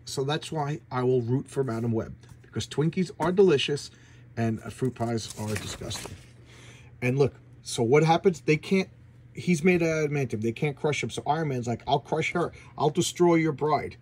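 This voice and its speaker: Excitable husky-voiced man gushing. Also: on the high side. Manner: excitable, gushing, repeats words. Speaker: comic book channel host. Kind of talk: casual comic book review.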